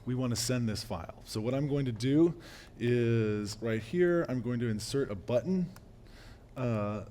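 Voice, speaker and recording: A man's voice: mid-range voice, warm tone, slight background noise. Man live coding, losing his voice. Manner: casual, halting with fillers and restarts. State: losing his voice, clearing throat. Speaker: meetup presenter. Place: meetup room.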